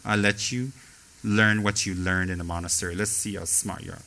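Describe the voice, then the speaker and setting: A man's voice: on the low side, steady tone, moderate pace, bright, forceful tone, slight background noise, voice pushed down, rough recording. A man voicing an arrogant male student who talks down to his teacher. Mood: smug. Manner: smug and drawling.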